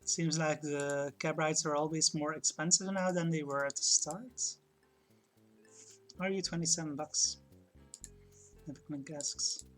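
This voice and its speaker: A woman's voice: low voice, steady tone, a little slow, pauses often, faint music behind. A woman streaming a retro game, chatting casually, laughing often and reading the game's narration aloud. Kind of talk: let's-play commentary, reading game text aloud.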